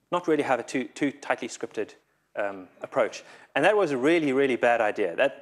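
A man giving a conference talk, nervous, often stumbling and repeating his words. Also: mid-range voice. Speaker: conference speaker. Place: conference hall.

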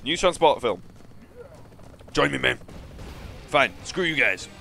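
A man with an English accent giving joking, excitable commentary while playing a video game. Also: mid-range voice, takes it slowly, vocal fry, faint music behind. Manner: excitable, joking, self-mocking. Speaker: gaming YouTuber. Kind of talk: let's play commentary.

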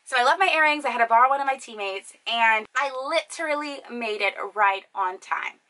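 A young woman chats straight to her viewers, spinning a story with a bright, forceful tone that sits a little high. She keeps it animated and loose, full of fillers and asides. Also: moderate pace, rough recording. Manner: animated, chatty, lots of fillers. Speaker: vlogger. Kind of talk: casual storytelling to camera.

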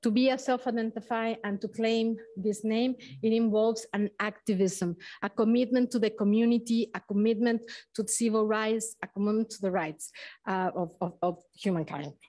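A woman who is not a native English speaker, co-curator giving opening remarks at a museum exhibition, halting and searching for words with frequent restarts. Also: on the high side, fairly even intonation, dark tone. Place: museum event space.

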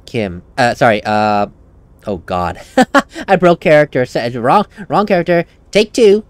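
A man's voice: on the high side, sing-song, measured pace, smooth, dry recording. Chatty, self-correcting male gaming host. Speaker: let's play host. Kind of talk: casual gaming commentary.

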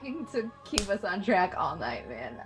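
A woman's voice: mid-range voice, big pitch swings, unhurried. A woman playing in a tabletop game, chatting wryly with the group. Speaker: player. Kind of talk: casual chat among players.

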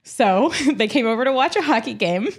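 Animated woman telling a story. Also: normal speed, breathy edge. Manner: animated storyteller, acts out quotes with big pitch jumps. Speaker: podcast co-host. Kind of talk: casual chat.

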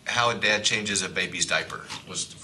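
Chatty male teacher, bright edge. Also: low-pitched, normal speed, slight background noise. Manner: chatty, rambling asides. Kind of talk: casual classroom talk.

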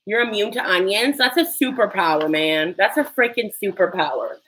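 A woman's voice: medium pitch, normal speed, a bit bright, a little hiss or hum, rough recording. A woman chatting casually on a livestream while she cooks in her home kitchen, nervous and self-deprecating, with sudden yelps. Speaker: livestream cooking host.

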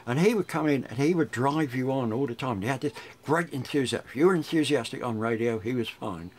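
A man's voice: medium pitch, animated, brisk. An older man, a radio DJ chatting through memories in an interview, rambling with frequent restarts. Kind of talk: reminiscing interview.

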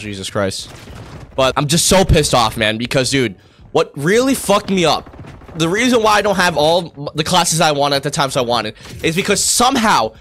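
A man's voice: on the high side, a bit bright. A young man, a college student, ranting in a profane, slangy way while playing a shooter game, often stumbling and restarting his sentences. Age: young adult. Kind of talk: ranting commentary over gameplay.

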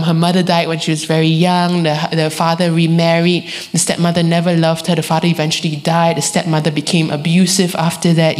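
A woman, preaching a sermon and telling a story with lively quoted voices. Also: lowish voice. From Singapore. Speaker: guest preacher.

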